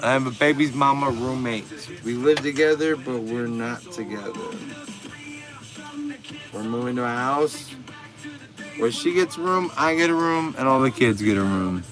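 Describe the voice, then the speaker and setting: A man's voice: mid-range voice, normal speed, over music. A man, hosting a casual livestream and bantering with viewer comments in laid-back, profane slang. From Texas. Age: 40s. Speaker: livestream host.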